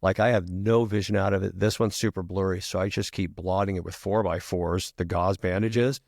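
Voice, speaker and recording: A middle-aged retired firefighter telling a long story as a podcast guest, casual and profane, peppering every sentence with "freaking". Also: male voice, low-pitched, fairly even intonation, normal speed, vocal fry, a little mellow, dry recording, studio quality.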